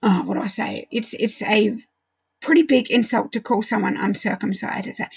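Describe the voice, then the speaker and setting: A woman teaching a Bible study in a casual way, walking through verses and explaining them with frequent pauses and ums. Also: medium pitch, fairly even intonation, creaky, slightly rough, no echo, dull audio.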